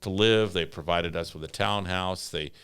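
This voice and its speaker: A man's voice: sits low, normal speed, fairly bright tone, smooth, dry recording. An older man, a retiring pastor, reminiscing in a casual chat, rambling with many repeated words and fillers and chuckling asides. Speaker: retiring pastor, podcast guest.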